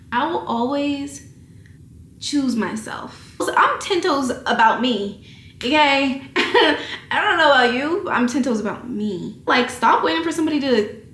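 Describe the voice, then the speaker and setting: A woman's voice: on the high side, a bit bright, reverberant, slight background noise. Candid young woman giving a pep talk. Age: 20s. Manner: candid, emotional big-sister pep talk with casual swearing. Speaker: vlogger. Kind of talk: casual chat to camera. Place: at home, indoors.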